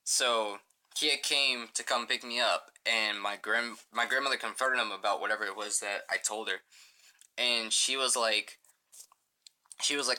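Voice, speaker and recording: A man's voice: fairly low pitch, a little fast, pushed and bright. A young man rambling profanely through a casual storytime as a gaming channel host, full of filler words.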